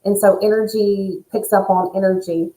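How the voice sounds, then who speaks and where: A woman's voice: medium pitch, normal speed. Nurse lady chatting about spirit stuff, earnest, echoey room. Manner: animated, earnest, spiritual phrasing. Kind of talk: casual chat.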